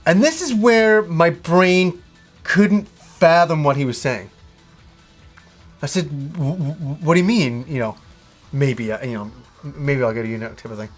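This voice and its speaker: A man's voice: on the high side, measured pace, long pauses, faint music behind. A man vlogging about games, telling a frustrating story in a casual ranting way, acting out the dialogue and swearing as he goes. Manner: animated retelling with swearing and acted-out dialogue. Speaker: video game vlogger.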